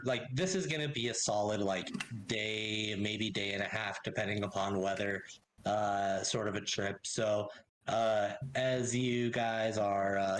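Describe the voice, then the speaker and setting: A man running a tabletop game as game master, narrating in a relaxed, hesitant way with lots of fillers. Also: fairly low pitch, slight background noise, rough recording.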